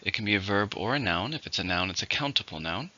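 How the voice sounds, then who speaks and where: Guy teaching english vocab, slows down to stress syllables, dull muffled recording. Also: on the low side, lively intonation, pushed and bright. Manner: slows down and stresses syllables when modelling words. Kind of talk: vocabulary lesson.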